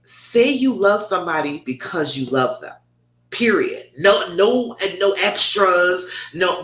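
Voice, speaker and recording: A woman's voice: fairly low pitch, expressive, normal speed, pushed and bright. A woman love coach giving frank, sassy relationship advice on a livestream and answering viewer comments. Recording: echoey room.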